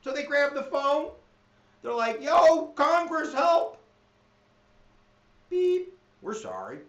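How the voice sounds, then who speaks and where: A man teaching history in an energetic, jokey exam review lecture, slipping into silly voices. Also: sits high. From United States. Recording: echoey room, dull lo-fi sound.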